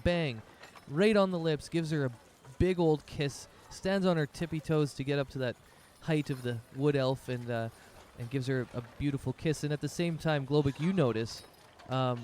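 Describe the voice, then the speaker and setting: A man's voice: mid-range voice, darkish tone, a little hiss or hum. A man narrating as game master of a tabletop game, rambling loosely with many fillers.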